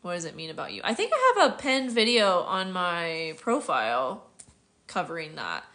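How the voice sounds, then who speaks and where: A woman's voice: lowish voice, big pitch swings, moderate pace, pushed and bright. An American woman in her thirties, a casual, chatty astrologer answering viewer questions on a livestream and laughing often. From United States.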